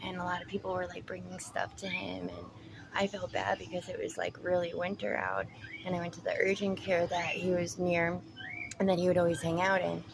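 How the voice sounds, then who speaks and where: A young woman vlogging while she talks to pet birds, switching between high, drawn-out baby talk to them and rambling stories full of fillers. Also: vocal fry, background noise. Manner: rambling storytelling with many fillers. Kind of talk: casual vlog, chatting to pet birds. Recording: loud bird chatter in background. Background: birds squawking.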